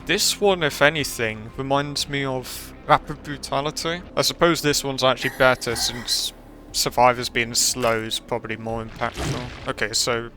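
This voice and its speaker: A man's voice: mid-range voice, steady tone, normal speed, sharp tone, soft background music. A man giving casual, rambling gameplay commentary with self-deprecating remarks. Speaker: gaming channel host.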